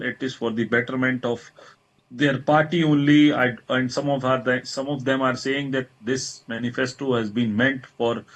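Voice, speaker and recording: A man, asking a long question in a news interview, halting and restarting as he goes. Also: medium pitch, fairly bright tone, rough recording. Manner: halting, many fillers and restarts.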